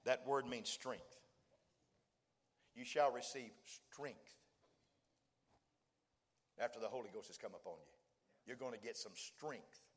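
A male preacher delivering a sermon, mixing folksy joking asides to the congregation with rising, fervent declarations. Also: medium pitch. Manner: builds to fervent shouting, acts out dialogue.

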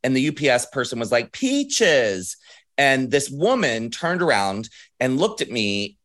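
A man's voice: mid-range voice, normal speed. A man from Maryland hosting a podcast, telling stories in casual chat and laughing often. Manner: animated storyteller, laughs often. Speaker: podcast host.

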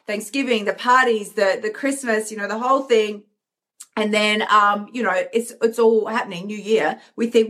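A woman's voice: medium pitch, expressive, moderate pace, a bit bright. A woman hosting a motivational live stream, talking energetically and acting out inner voices with emphasis. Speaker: host, coach.

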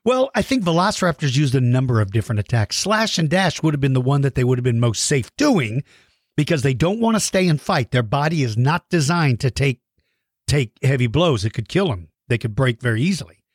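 A man's voice: mid-range voice, big pitch swings, brisk, no echo. A friendly man answers kids' questions on his podcast in a casual, chatty way, sometimes tripping over tricky names. His voice sits mid-range and sounds close and dry. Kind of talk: casual chat.

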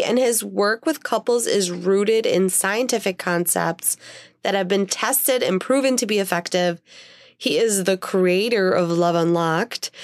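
A woman's voice: mid-range voice, no room sound, studio quality. A woman hosting a podcast in casual chat, sounding nasal and congested from a sinus infection, chatty and upbeat. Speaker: podcast host.

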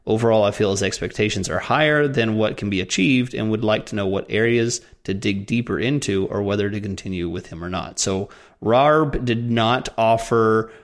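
A man's voice: fairly low pitch, a little fast, hardly any pauses. A man hosting a casual podcast, joking around and reading out a listener's question. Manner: joking, reads listener emails aloud. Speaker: podcast host.

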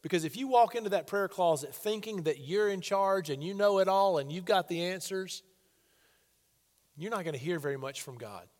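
A male pastor delivers a sermon in a plainspoken, earnest way, addressing his congregation directly with questions. His voice sits high for a man. A long reverb hangs in the large hall around him. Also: expressive, moderate pace. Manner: earnest, conversational preaching with rhetorical questions.

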